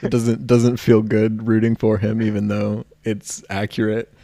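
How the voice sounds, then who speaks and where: A man's voice: on the low side, monotone, measured pace, dark tone, no echo. A man from the United States co-hosting a podcast, chatting casually with dry, laid-back banter. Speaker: podcast co-host. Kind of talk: casual chat.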